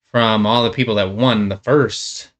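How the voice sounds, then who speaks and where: A man with a fairly low voice, co-hosting a casual games podcast. He is laid-back and easygoing, chiming in with short reactions and questions. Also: steady tone, measured pace. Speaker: podcast co-host. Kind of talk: casual gaming podcast chat.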